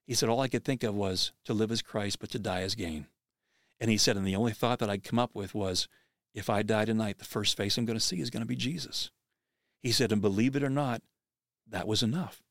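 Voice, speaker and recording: A man hosting a podcast, telling a story in an animated way, acting out the quoted speech of the people in it. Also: lowish voice, no room sound, studio quality.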